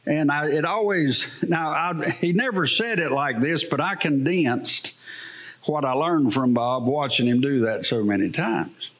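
A man's voice: a little high, measured pace, fairly bright tone. A man preaching a sermon in church, telling folksy stories with a farmer's plain talk and frequent chuckles. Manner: folksy storytelling with laughs. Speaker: pastor.

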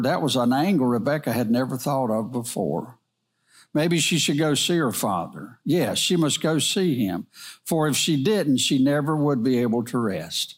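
A middle-aged man reading a moral story aloud in a gentle, earnest manner. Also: medium pitch, expressive, moderate pace, husky.

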